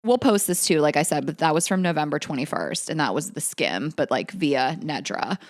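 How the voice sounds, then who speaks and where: Woman cohost chatting on a podcast, lowish voice, lots of laughs, swears a bit, dry mic. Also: animated, fairly quick, no room sound. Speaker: podcast co-host. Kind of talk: casual chat.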